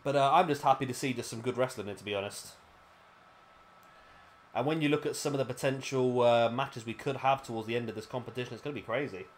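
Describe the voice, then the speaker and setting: Talking fast in a medium-pitched voice, this British commentator rambles chattily through a wrestling video game blow by blow. He frequently stops to correct himself mid-sentence.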